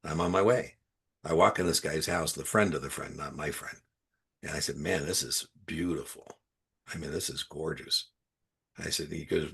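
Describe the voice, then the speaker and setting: A man with a very deep, slightly rough voice talks fairly quickly while tutoring students for a securities exam. He mixes explanations with casual anecdotes in a storytelling, conversational way, dropping to quiet asides.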